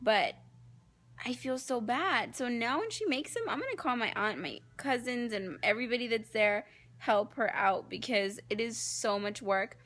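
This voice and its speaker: A woman's voice: on the high side, expressive, moderate pace, fairly bright tone. A young pregnant woman vlogging in her home kitchen, chatting to her viewers like family as she cooks. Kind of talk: casual cooking vlog. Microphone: phone camera.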